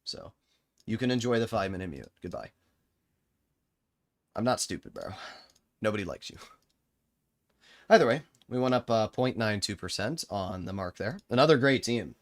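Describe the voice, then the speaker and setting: A man's voice: lowish voice, animated, normal speed, pauses often. Sarcastic young man streaming a tank game. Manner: exasperated, sarcastic, talks to chat and team. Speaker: gaming streamer. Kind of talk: live gameplay commentary.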